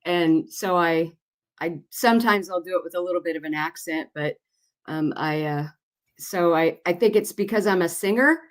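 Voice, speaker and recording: A woman's voice: fairly low pitch, normal speed. A woman guest who works as a singer and voiceover artist, chatting casually on a live stream in an upbeat manner.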